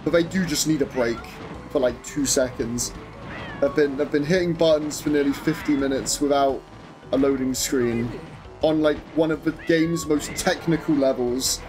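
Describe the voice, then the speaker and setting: A young man commentating his own live game stream, excitable, swearing and chatting to viewers over game music. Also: fairly high pitch, moderate pace.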